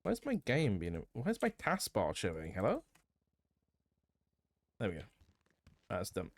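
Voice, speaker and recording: A man's voice: on the low side, wildly swooping pitch, measured pace. A young man streaming a roleplay game, chatting casually, thinking aloud, swearing now and then and laughing. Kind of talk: casual gameplay chat.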